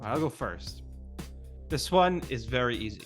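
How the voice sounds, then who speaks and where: A man's voice: medium pitch, lively intonation, unhurried, soft background music. A man co-hosting a podcast, chatting casually and joking as he runs quiz questions about a film. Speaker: podcast co-host. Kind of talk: casual chat.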